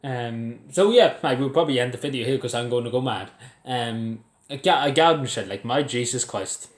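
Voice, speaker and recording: A young Irish vlogger rants angrily to his camera at home, swearing and laughing bitterly at what he reports. His voice sits mid-range at a moderate pace. The phone or camera is set on its side in an echoey room.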